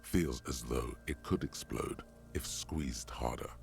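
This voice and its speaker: Grim detective-game narrator, extremely deep, rough and fried. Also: male voice, takes it slowly, soft background music, heavily acted. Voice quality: gravelly, very deep. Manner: grim, clinical description. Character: gruff male inner-voice narrator of a detective game. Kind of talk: game voice acting.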